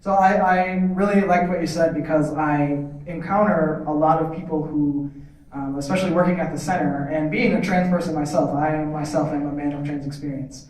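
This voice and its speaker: A man's voice: on the high side, steady tone, fairly quick, darkish tone, a little hiss or hum. A man on a panel speaking in an earnest, thoughtful way about his community work. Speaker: panelist, community center worker. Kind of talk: casual panel discussion. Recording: echoey hall from far off.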